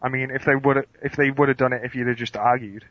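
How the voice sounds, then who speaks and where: A man's voice: medium pitch, fairly even intonation, quick pace, no echo. Man, podcast co-host, casual chat, skeptical and teasing, dry, lo-fi. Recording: dry, dull lo-fi sound.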